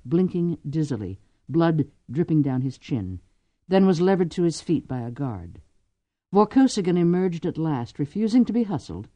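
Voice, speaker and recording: A woman reads a novel aloud, her pitch rising and falling in animated swings. Her tone is mellow and warm, and the recording is dry and close. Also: no echo. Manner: expressive, lively storytelling. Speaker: audiobook narrator. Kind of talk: scripted narration.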